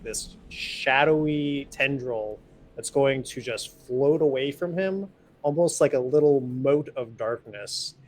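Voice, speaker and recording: A man's voice: mid-range voice, a little hiss or hum. A man playing a spellcaster in a tabletop game, playful and describing his spells in detail. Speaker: player.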